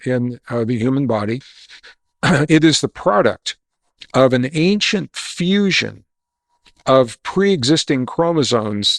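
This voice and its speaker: A man's voice: medium pitch, no echo, studio quality. A man being interviewed as a guest, confidently telling a story and then explaining his views. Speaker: guest author.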